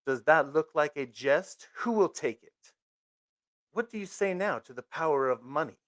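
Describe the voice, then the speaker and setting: A man's voice: on the high side, expressive, moderate pace, dry recording, natural voice. Domineering, scornful rich mother in a storybook reading, read by a man, dry close sound.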